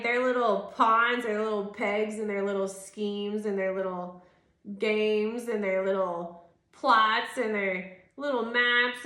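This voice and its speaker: A woman's voice: a little high, bright, forceful tone. Exasperated, swearing woman in an echoey room. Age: 30s. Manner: rambling, exasperated and profane, full of "like". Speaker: tarot reader. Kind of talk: casual tarot reading rant.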